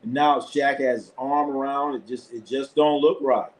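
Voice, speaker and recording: A man's voice: mid-range voice, fairly even intonation, normal speed. A man hosting a live sports stream, talking loosely in casual chat, blunt and profane, laughing often. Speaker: sports show host.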